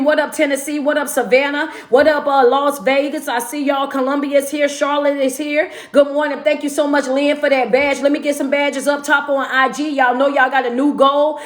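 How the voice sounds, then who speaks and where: Hyped woman hosting a livestream, high voice. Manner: hyped, calls out to viewers by place. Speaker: motivational speaker and livestream host. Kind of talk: casual livestream shout-outs. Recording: echoey room.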